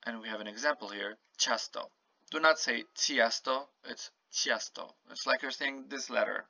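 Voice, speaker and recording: A man with a gravelly, bright and forceful voice teaches a language lesson at an unhurried pace, repeating each word carefully so the learner can copy it. The recording is dry and a little dull, like a simple home setup. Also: medium pitch, no room sound. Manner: slow, patient, repeats words to model pronunciation. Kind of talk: casual spoken language lesson.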